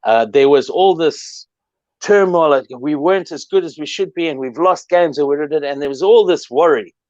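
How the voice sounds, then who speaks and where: A man's voice: a little high, moderate pace, darkish tone, no room sound, dull audio. A middle-aged man recalling rugby history in a reflective, storytelling way, with many fillers, on sports radio.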